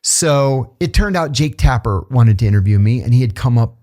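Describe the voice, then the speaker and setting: Animated man telling stories. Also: mid-range voice, moderate pace. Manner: animated storyteller who acts out the quoted voices. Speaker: interview guest, former intelligence officer. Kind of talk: casual storytelling in a podcast interview.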